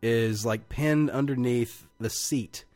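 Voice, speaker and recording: A man co-hosting a casual movie podcast, retelling scenes with lots of swearing and loud acted-out quotes. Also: takes it slowly, no room sound, soft background music. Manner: animated, acts out movie lines with loud high quotes, swears a lot. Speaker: podcast co-host. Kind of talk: casual movie-review chat.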